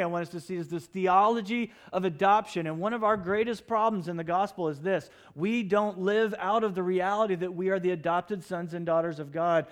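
A middle-aged man preaching in a church sanctuary, with a voice pitched a touch high for a man. He tells stories with lively energy and acts out his own shouted lines. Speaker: pastor. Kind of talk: sermon.

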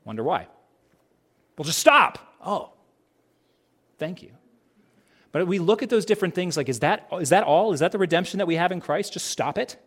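A man's voice: sits high, animated, fast talker, few pauses. A man preaching a sermon as a pastor in a casual, conversational way, asking many rhetorical questions and acting out bits of dialogue. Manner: conversational, acts out quoted dialogue.

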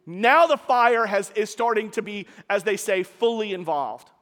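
High-voiced male preacher telling a story. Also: measured pace, fairly bright tone, big-room sound. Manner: conversational storyteller with casual asides. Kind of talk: storytelling sermon.

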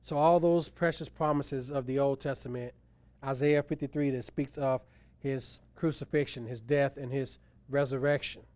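A man's voice: medium pitch, steady tone, moderate pace, a little mellow, no echo. A man preaching a sermon as pastor, quoting scripture with emphatic rises and drops. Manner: emphatic preaching, voice rising and falling for stress.

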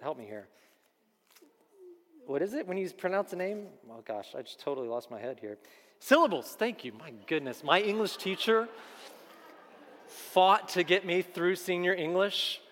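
A middle-aged man preaching a conversational, animated sermon, asking the congregation questions as he teaches. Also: a little high. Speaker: pastor. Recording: long hall reverb.

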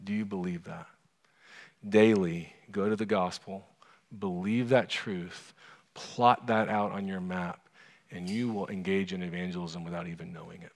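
A pastor preaching in a church sanctuary, his low voice trailing off in a long hall reverb. He speaks earnestly, moving from storytelling to a soft, prayerful tone. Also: fairly even intonation, moderate pace, creaky. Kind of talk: sermon and closing prayer.

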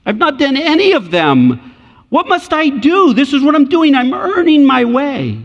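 A man's voice: extremely high pitch, big pitch swings, unhurried, muffled recording, voice pushed up, full character voice. A man voicing a self-satisfied rich young man who is sure he has earned his way to heaven, in an echoey hall. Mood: smug.

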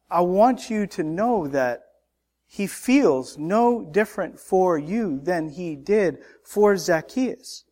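A man with a fairly high voice preaches a Sunday sermon. He is a middle-aged pastor who builds emphasis and doubles back on his words as he drives a point home.

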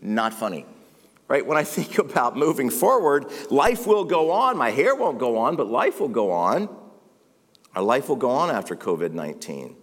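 A man's voice: mid-range voice, big pitch swings, moderate pace, breathy edge. A middle-aged man preaching a sermon as pastor, conversational, emphatic and self-deprecating. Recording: long reverb of a large hall.

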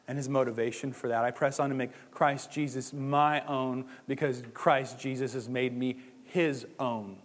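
A man's voice: mid-range voice, fairly even intonation, normal speed, few pauses. A man preaching a sermon in a casual, conversational way, acting out the inner voices of his listeners. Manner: conversational, rhetorical asides, acts out inner voices. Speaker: pastor. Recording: long hall reverb.

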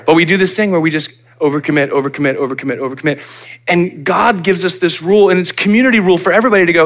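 A man preaching a sermon as pastor, conversational and animated, acting out little asides for his congregation. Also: a little high, rapid-fire. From United States.

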